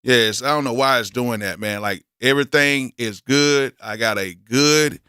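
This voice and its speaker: A man's voice: medium pitch, moderate pace, clean tone, dry recording, clean studio sound. A man, hosting a live beat review stream and chatting casually with his viewers. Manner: relaxed, talks to himself and chat with slang. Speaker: livestream host reviewing beats.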